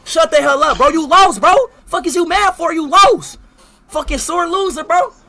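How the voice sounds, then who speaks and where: Loud taunting young man, high voice. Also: moderate pace, creaky. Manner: loud, taunting, swings to shouting. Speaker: livestreamer. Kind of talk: heated livestream banter.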